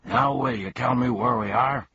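A man reading aloud voices a steady, sensible male watchdog, with a husky voice. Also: mid-range voice, normal speed, pitched above the performer's own voice, full character voice. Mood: matter-of-fact. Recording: dull, dry lo-fi recording.

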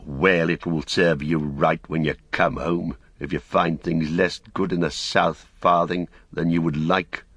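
A man voicing a bitter, fallen old wizard who talks slowly and mockingly, in an audiobook reading. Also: deep voice, little pitch movement, a bit bright, breathy edge, dry recording, full character voice. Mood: scornful. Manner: slow, sneering, mocking.

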